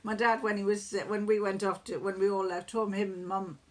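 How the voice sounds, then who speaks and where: A middle-aged woman chatting on her crafting vlog, wandering from one family story to the next. She talks in loose, looping sentences full of restarts. She chuckles often as she goes, with a warm, easygoing storytelling manner. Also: mid-range voice, level tone, fairly quick. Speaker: crafting vlogger. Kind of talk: casual chat.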